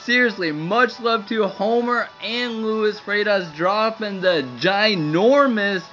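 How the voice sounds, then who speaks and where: Young male livestreamer, overjoyed and crying, high bright voice; lo-fi stream sound. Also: takes it slowly. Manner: overjoyed, laughing and tearful, breathless thanks. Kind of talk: excited livestream commentary. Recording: dull lo-fi stream audio with faint music.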